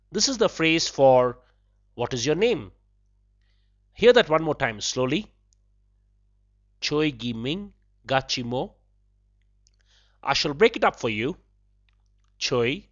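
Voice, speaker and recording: Slow, lively-voiced male language teacher. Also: on the high side. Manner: measured, repeats phrases slowly and breaks them into syllables. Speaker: podcast host teaching a language. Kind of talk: slow, careful language lesson. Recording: slightly dull, lo-fi podcast audio.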